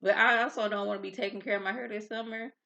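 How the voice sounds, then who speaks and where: A woman's voice: mid-range voice, fairly even intonation, quick pace, creaky, sharp tone. Chatty woman rambling through an episode recap. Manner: rambling, goes off on tangents. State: a bit irritable before coffee. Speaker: reality TV recap vlogger. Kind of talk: casual chatty episode review. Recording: dull lo-fi sound.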